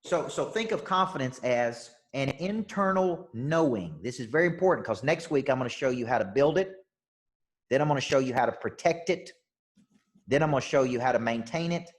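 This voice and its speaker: A man's voice: mid-range voice, expressive, brisk. A man with a Southern US accent giving an intense, upbeat motivational coaching talk, repeating key phrases and checking in with his listeners. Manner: emphatic and repetitive, checks in with "okay?" and "right?". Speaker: life and business coach. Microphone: online call session.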